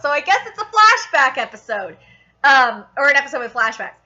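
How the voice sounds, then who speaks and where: Excitable, swearing young woman reviewer. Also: high voice, highs cut off. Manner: excitable, swears often, exasperated rants. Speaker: anime reviewer. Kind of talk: casual vlog review.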